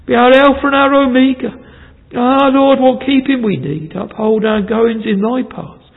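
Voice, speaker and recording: Male minister, high gravelly voice, fervent "thou" prayer in short phrases, tinny recording with long church reverb. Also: normal speed. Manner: fervent pleading in old-fashioned "thou" language, broken into short phrases. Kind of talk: extempore pulpit prayer. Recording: tinny phone-like sound with long hall reverb.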